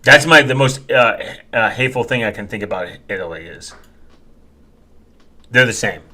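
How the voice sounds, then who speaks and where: Man, vlogger, bright tense tone, rambling joker, casual chat to viewers. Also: mid-range voice, animated, moderate pace, slight background noise. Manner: rambling, jokey, lots of fillers and restarts.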